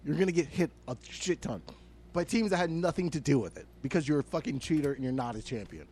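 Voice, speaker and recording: A young man with a slightly high voice rants about sports on a casual comedy podcast. He swears freely and leans on filler words. His delivery stays animated and chatty. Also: fast, slightly rough. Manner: animated ranting, swears a lot, many fillers. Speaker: podcast co-host.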